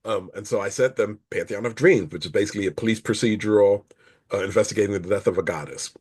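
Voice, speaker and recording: A middle-aged author guest, his voice fairly low, darkish, and slightly rough, talks fast in a casual interview. He rambles through long stories, correcting himself and laughing along the way.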